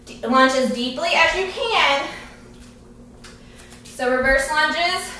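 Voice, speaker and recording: Speaking slowly in a high, bright, forceful voice, a woman leads a live exercise session and cheers people on, panting as she works out. A faraway camera captures her in a very echoey space, with a little background noise.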